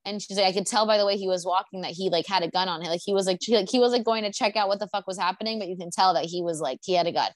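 A woman's voice: mid-range voice, rapid-fire, hardly any pauses, no room sound. Young woman rambling about a crazy night, swears a ton, lots of "like", dry sound. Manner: rambling, heavy swearing and fillers. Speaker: storyteller. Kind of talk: casual chat. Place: apartment.

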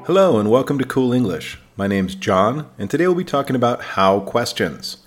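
American man teaching English slowly. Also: mid-range voice, big pitch swings, soft background music. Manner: slow, clear, with example sentences for learners. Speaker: English teacher, podcast host. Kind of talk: scripted teaching podcast.

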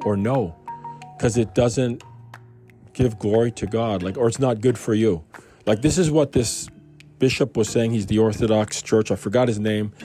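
Low, mellow-voiced man musing on scripture. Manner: rambling, conversational, full of rhetorical questions. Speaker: Bible reading host. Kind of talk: casual devotional talk.

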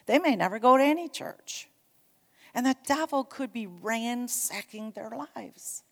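A woman preaching a sermon, telling a story with animated emphasis and urging her congregation on. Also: mid-range voice, long reverb tail. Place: church sanctuary.

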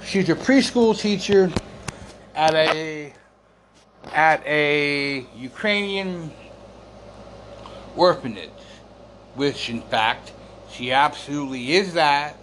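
An exasperated man vents in a rambling, unhurried way, often repeating his words and swearing. His voice sits high and swings widely in pitch, and he coughs and clears his throat between lines. Faint noise hums under the recording. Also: animated, fairly bright tone. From United States. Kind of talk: casual storytelling rant.

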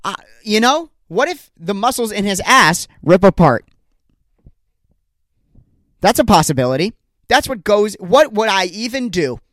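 A young man hosts his own comedy podcast, talking alone into a studio microphone. He rambles from story to story with an exasperated, self-deprecating edge, and his voice sits a little high. The recording is dry and close, with no room sound. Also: fairly bright tone, no echo. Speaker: podcast host. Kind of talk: solo comedic podcast rant.

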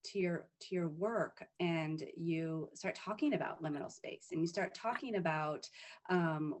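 A woman's voice: deep voice, a little mellow. A woman hosting an interview, asking thoughtful, hesitant questions with many fillers.

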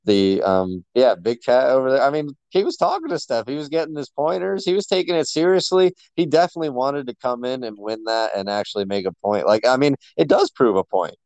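A man's voice: mid-range voice, expressive, fairly quick, few pauses, a little mellow, no room sound, poor audio. A man co-hosting a sports podcast, talking enthusiastically and rambling with lots of fillers. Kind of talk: casual sports chat.

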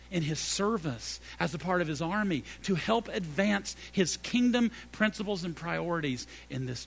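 A middle-aged male pastor preaching a sermon, swinging between loud emphatic peaks and hushed low phrases, and repeating key phrases for emphasis. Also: gravelly.

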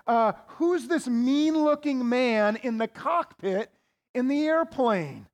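A man doing a confused mother who coaxes answers from her child with halting questions. The voice sits very high and is unhurried. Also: expressive, in a large hall, full character voice. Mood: coaxing. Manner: hesitant, coaxing questions. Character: puzzled, gentle mother asking her daughter.

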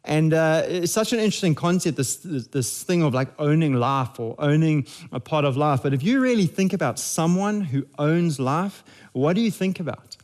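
A man's voice: fairly high pitch, lively intonation, moderate pace, hardly any pauses, a little mellow. A man, preaching a sermon in a conversational, jokey way with frequent restarts. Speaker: pastor.

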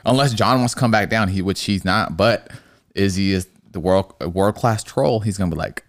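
A young man co-hosting a casual sports podcast, excitable and swearing a lot, calling his friend bro. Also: low-pitched, normal speed, dry recording, clean studio sound. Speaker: podcast co-host.

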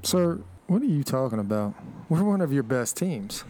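A laid-back young gravedigger, played by a man, shrugs things off in an easy mid-pitched voice. He is casual and unbothered, and swears freely. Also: sing-song, normal speed, mellow.

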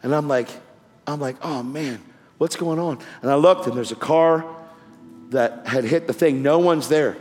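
A man's voice: mid-range voice, moderate pace, darkish tone. A man preaching a testimony sermon with fervor and casual slang, calling people "man" and "bro". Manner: fervent, street-casual slang. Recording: long hall reverb.

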